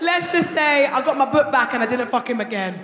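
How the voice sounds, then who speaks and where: A young woman performing a loud, brash stand-up comedy routine on a theatre stage, breaking into shouts as she tells her story. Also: sits high, expressive, a little fast, very noisy. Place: theatre stage before a live audience. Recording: echoey hall with loud audience laughter.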